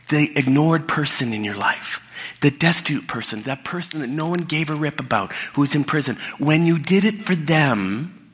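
A man voicing a grave king in a retold parable, speaking slowly and deliberately in a bright voice, with long hall reverb. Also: mid-range voice. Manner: slow, deliberate pronouncements.

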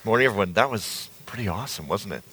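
A man giving a conversational sermon as a pastor, telling a playful story with sudden loud bursts on a stage mic. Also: lowish voice, expressive, fast talker, very noisy. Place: large church hall. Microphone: handheld stage mic. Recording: long hall reverb.

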